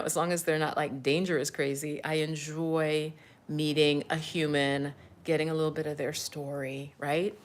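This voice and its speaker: Chatty American woman on a livestream. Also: deep voice. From United States. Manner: chatty, laughs often, drops to a whisper for asides. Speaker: spiritual coach and livestream host. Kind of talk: casual livestream chat.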